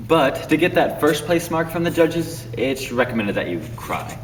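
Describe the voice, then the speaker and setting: Young man, lively deadpan narration. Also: on the high side, normal speed. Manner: deadpan, explanatory. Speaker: student performer in a comedic duet. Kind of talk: scripted comedic duet, mock-instructional narration. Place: classroom. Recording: echoey room, distant mic, faint noise.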